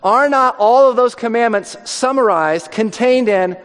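A man preaching a sermon in a conversational way, dropping his voice low for emphasis. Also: very animated, normal speed, fairly bright tone. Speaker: pastor. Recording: long hall reverb.

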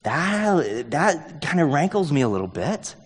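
Easygoing joking pastor, echoey hall. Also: male voice, on the high side, big pitch swings, unhurried, breathy edge. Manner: casual, joking, thinking aloud. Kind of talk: sermon.

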